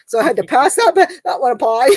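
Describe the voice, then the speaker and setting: A woman's voice: high voice, lively intonation, normal speed, a little mellow, husky, no room sound, studio quality. A woman hosting a casual live chat stream, cracking bawdy jokes and laughing constantly. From Canada. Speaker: livestream host.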